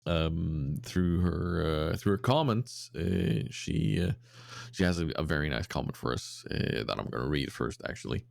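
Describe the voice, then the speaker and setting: A man's voice: very deep voice, lively intonation, moderate pace, gravelly, no echo, studio quality. A man co-hosting a podcast in casual chat, reading out listener submissions with lots of fillers and restarts. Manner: rambling with many fillers, breaks into silly voices.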